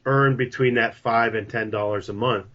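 A chatty man talks easily as a podcast guest, mid-pitched and casual, with a pitchman's bounce. His voice comes through a dull, slightly lo-fi recording. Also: fairly even intonation, normal speed, a bit bright. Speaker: podcast guest, coffee company founder. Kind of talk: casual interview talk. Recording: dull lo-fi sound.

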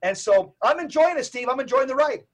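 A middle-aged man, a Catholic evangelist, speaking as a podcast guest in an emphatic, preacher-like way with rapid lists and repetitions. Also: very high-pitched, animated.

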